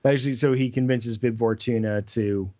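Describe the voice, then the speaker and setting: A man's voice: medium pitch, steady tone, moderate pace, mellow. A man co-hosting a podcast, rambling in casual chat with lots of fillers. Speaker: podcast co-host.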